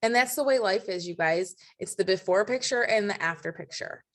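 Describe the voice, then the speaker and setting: A woman chatting and encouraging others on a video call, lively and quick to laugh. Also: medium pitch. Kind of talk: casual chat on a video call.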